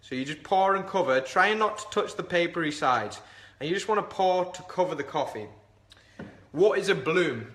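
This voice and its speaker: A chatty man walks through a coffee brew in a casual vlog, rambling and poking fun at himself. His voice is bright and sits a little high for a man. The room around him rings with echo. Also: expressive, normal speed. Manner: chatty, rambling, self-deprecating. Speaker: coffee reviewer. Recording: echoey room.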